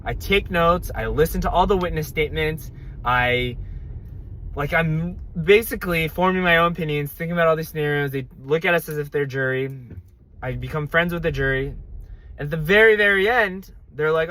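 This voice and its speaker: A young man vlogging to camera, telling a casual story with quick asides and acted-out quotes. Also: fairly high pitch, fairly bright tone, a little hiss or hum.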